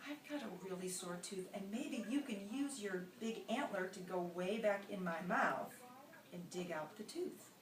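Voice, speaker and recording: A woman voicing a weeping male alligator with a toothache, pleading in a whiny, breathy way. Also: mid-range voice, animated, a little slow, slight background noise, natural voice. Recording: roomy, distant mic.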